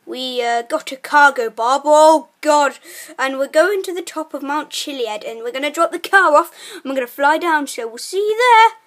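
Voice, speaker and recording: An excitable woman narrating a video game session with her friend. Her voice sits high and lively, casual chatter that flips into loud, laughing shrieks whenever things fall apart. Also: moderate pace. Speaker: gaming channel host. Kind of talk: let's play commentary.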